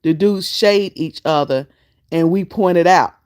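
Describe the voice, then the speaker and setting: A woman's voice: lowish voice, unhurried, a little mellow, clear, resonant tone. A woman hosting a casual live stream, fussing at her guest and chatting to her viewers. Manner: sassy, fussing, talks straight to chat. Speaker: vlogger host.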